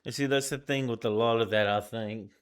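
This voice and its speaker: A tired man co-hosting a casual podcast chat, telling stories with lively quoted voices. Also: medium pitch, brisk, clear, resonant tone. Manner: animated storyteller, acts out quoted voices. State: tired, yawning. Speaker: podcast co-host.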